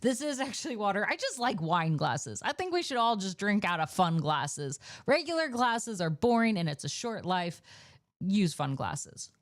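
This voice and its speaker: A woman's voice: medium pitch, sing-song, moderate pace. A young woman streamer chatting casually at the end of a stream, playful and talkative. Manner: chatty and playful, baby-talks to her dog.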